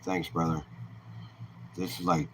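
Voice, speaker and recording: A man's voice: low-pitched, level tone, a little slow, background noise. A man hosting a live stream, chatting casually and easygoing with viewers and greeting them by name.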